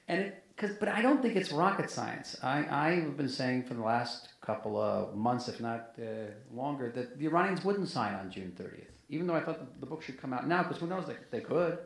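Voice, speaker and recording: A former ambassador talking in an onstage interview, animated and emphatic, often restarting his sentences. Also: medium pitch, moderate pace, creaky. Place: museum event hall. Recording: roomy event hall sound.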